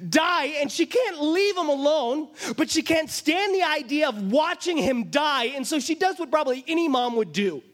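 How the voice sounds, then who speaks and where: A man delivers a sermon in an unusually high-pitched voice. He retells the story with emphatic storytelling and slips into the voices of its characters. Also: expressive, normal speed, hardly any pauses, a bit bright. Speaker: pastor.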